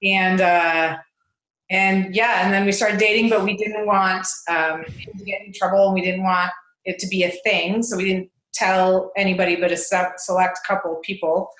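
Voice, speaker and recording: A woman's voice: medium pitch, fairly even intonation, normal speed, a bit bright. A woman in her forties, a guest on a casual interview show, talking hesitantly with many fillers and laughing often. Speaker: podcast guest. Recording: roomy echo.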